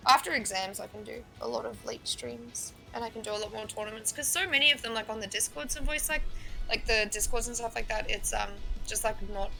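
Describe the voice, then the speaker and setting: A woman's voice: on the high side, creaky, sharp tone. A woman in her twenties with an Australian accent, co-casting a card game stream and chatting at length about her life. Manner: chatty, rambling, laughs often. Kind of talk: casual stream chat.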